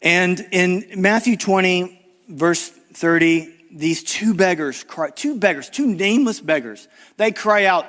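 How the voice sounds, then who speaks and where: A middle-aged man preaching a conference sermon, swinging from loud urgent emphasis to low hushed appeals and acting out the voices of people in the story. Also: animated, a little slow. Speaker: guest preacher.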